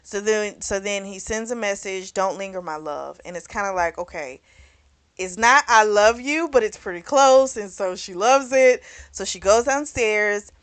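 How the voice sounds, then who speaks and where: Animated and a little slow, a woman with a mid-range, slightly bright voice runs through a novel's plot as a book club vlogger. Her spoken recap is frank and chatty, leaning heavily on "you know" and "like," with a curse word here and there.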